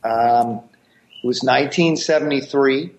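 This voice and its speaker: A man's voice: mid-range voice, unhurried, poor audio. An American man, a martial arts actor and guest, telling long rambling stories with many restarts. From United States. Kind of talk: storytelling interview chat.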